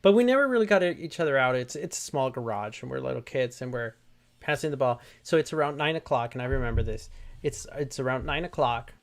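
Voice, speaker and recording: A man's voice: mid-range voice, a little fast. A man hosting a casual chat, joking about himself and telling a story from his childhood. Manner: joking, animated, self-mocking. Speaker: show host.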